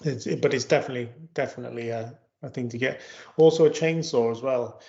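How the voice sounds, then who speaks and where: A man with a mid-pitched voice hosts a casual chat in an easy, joking way. He keeps turning questions to his co-host. The recording sounds dull and lo-fi. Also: quick pace, vocal fry, warm tone.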